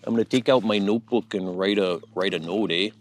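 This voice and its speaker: A folksy stereotypical Canadian guy with a Canadian accent, as an American man hams it up, drawling easily and finishing on a tag. The voice sits a bit low and even. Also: fairly quick, slight background noise, close to an everyday voice.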